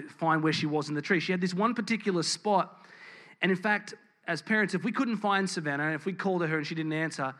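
A man's voice: fairly high pitch, fairly bright tone. A man preaching a sermon in church, candid and storytelling, with frequent ums and restarts. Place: church building with congregation.

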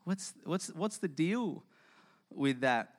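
A man's voice: a little high, expressive, slow. A man voicing Jesus as an exasperated, blunt teacher in a casual sermon retelling. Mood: incredulous. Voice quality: incredulous, blunt.

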